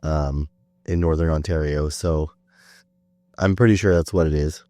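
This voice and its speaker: Deep-voiced man hosting while sick. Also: normal speed, no echo. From Canada. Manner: relaxed, chatty, self-deprecating with fillers. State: sick, under the weather. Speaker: podcast host. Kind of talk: casual chat.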